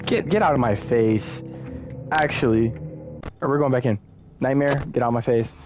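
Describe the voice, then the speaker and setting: A young man giving casual, excitable commentary while playing a horror game, muttering one moment and yelling the next. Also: medium pitch, moderate pace, music in the background. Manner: excitable, swings from muttering to yelling at jump scares. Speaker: gaming streamer.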